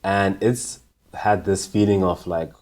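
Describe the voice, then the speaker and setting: A man's voice: deep voice, steady tone, slow, darkish tone. A young man from Zimbabwe, a conference organizer, answering interview questions in an easygoing, thoughtful way.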